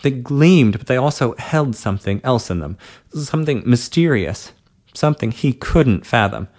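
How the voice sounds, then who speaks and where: A man reading an adult story aloud at a steady, unhurried pace. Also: medium pitch. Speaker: narrator.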